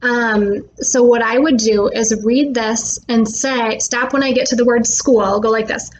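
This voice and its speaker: A woman speech therapist explaining reading tips to parents in a relaxed way, with frequent "um" fillers, slowing down to stress words when she models them. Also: fairly high pitch, slight background noise, rough recording. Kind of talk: instructional talk to parents.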